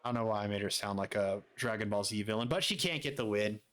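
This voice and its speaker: A man giving quick, offhand commentary as he plays a wrestling management game. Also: fairly low pitch, a bit bright. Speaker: gaming streamer.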